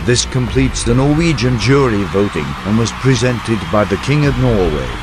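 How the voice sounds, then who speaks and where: A man's voice: medium pitch, animated, moderate pace, over music, natural voice. A man playing an older king delivering a mock jury address, stately with teasing asides. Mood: regal teasing. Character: older male king, regal yet joking.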